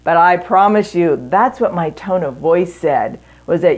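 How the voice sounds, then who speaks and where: A middle-aged woman giving an earnest teaching talk to women in a marriage seminar, speaking in measured phrases with pauses. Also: on the low side, darkish tone.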